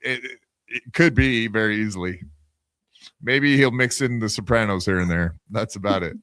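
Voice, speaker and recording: A man's voice: fairly low pitch, moderate pace, a bit bright, no echo. A man co-hosting a podcast, incredulous and mocking, swearing freely in casual commentary. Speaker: podcast co-host.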